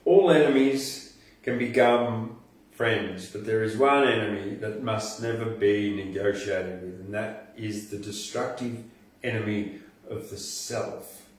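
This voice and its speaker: Aussie guy reading poems slow and easy, sitting back from the mic in a really echoey room. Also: on the low side, recorded from a distance. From Australia. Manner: laid-back, chatty between poems. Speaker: poetry podcast host. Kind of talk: relaxed poetry reading.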